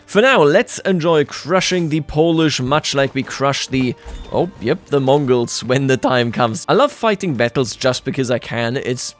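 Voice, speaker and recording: A man giving sarcastic, jokey let's-play commentary on a strategy game, often laughing at his own remarks. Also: fairly high pitch. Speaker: gaming YouTuber.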